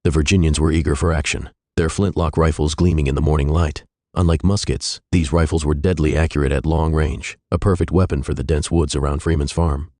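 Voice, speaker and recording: Super deep guy narrating a history story, steady and measured, dry studio sound. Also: dry recording.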